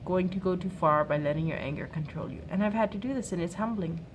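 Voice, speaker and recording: A woman in her thirties giving an earnest, soft-spoken faith-based advice talk to other mothers. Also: on the low side, fast talker, slight background noise. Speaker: mom sharing a workshop talk.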